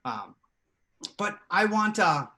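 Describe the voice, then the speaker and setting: Lively high-voiced improv host. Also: male voice, slow. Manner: lively, chatty, upbeat with many fillers. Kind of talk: live improv show over video call. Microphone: home computer mic on video call.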